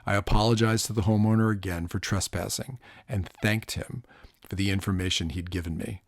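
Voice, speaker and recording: Low-voiced guy reading a noir audiobook, dry close mic, quiet music behind. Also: brisk, gravelly, dry recording. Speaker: audiobook narrator. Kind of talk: first-person noir audiobook narration.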